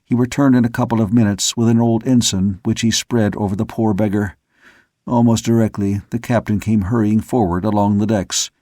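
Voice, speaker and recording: Male audiobook narrator, low voice, measured storytelling, dry close sound. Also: steady tone, warm tone, no room sound. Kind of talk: scripted narration.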